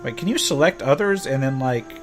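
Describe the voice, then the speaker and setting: A man's voice: medium pitch, animated, fairly quick. A man casually commenting on a role-playing game and reading its text aloud, with game music behind him. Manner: laid-back, thinks aloud with fillers. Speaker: let's play host.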